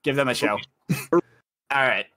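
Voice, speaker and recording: A man's voice: medium pitch, a little slow, sharp tone, dry recording. A man narrating a tabletop game as game master, chatty and laughing often.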